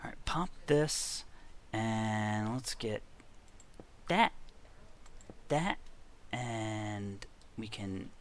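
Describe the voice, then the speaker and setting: A man's voice: fairly low pitch, expressive, extremely slow, long pauses, slight background noise. A man giving casual, chatty commentary while playing a game, talking to himself with frequent exclamations. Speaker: gaming video creator.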